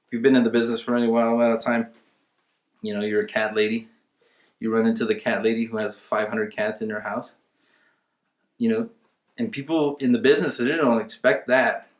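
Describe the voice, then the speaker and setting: He's a real estate investing instructor leading an informal webinar, medium in pitch, moving at a moderate pace with long pauses. With conversational emphasis, he reenacts seller calls. The recording is reverberant.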